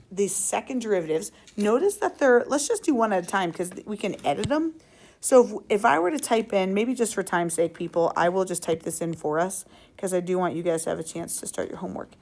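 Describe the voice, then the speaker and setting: A woman teaches a class in an upbeat, playful way, quizzing the students as she works. Her voice sits at a middle pitch. She sounds like she is talking in a classroom. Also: a little mellow. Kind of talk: classroom lesson.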